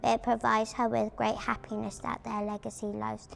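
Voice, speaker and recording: A woman reading a prepared family account aloud at a memorial event, steady and careful. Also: a little high, moderate pace, vocal fry, faint music behind. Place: community arts venue.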